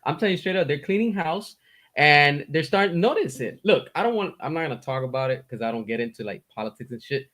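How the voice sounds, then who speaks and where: A man's voice: on the high side, animated, fast talker, a bit bright. A man speaking bluntly and emphatically in a casual chat.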